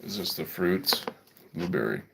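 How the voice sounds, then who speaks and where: A man's voice: deep voice, very animated, a little slow, gravelly, very noisy. A man chatting casually with a friend on a livestream, giving short, laid-back replies. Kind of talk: casual chat.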